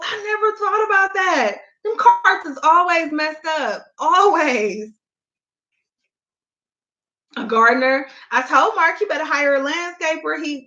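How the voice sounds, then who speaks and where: Chatty bright-voiced young woman vlogger. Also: sits high, muffled recording. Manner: chatty and candid, Southern "y'all" speech. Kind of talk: casual chat. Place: home.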